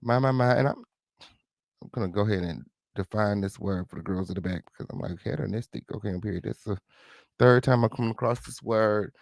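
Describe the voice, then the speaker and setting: A man's voice: fairly low pitch, brisk, creaky, darkish tone, no room sound, studio quality. A man hosting a live reaction commentary, sassy and chatty, talking straight to his viewers and repeating his catchphrases. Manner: repeats catchphrases, mock-dramatic asides. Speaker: host reacting to news.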